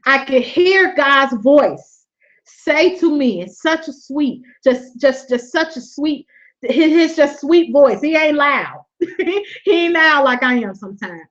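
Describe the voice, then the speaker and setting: A woman hosting a webinar, giving a lively motivational faith talk, laughing often and repeating her points like a preacher. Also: sits high, slow pace. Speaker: webinar host. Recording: dull lo-fi webinar audio.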